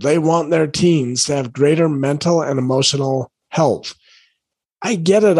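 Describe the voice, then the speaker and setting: A man's voice: medium pitch, husky, no echo, low-quality recording. A man who coaches parents, talking casually and earnestly to camera late at night, tired, repeating his key points to encourage them. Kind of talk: casual direct-to-camera talk.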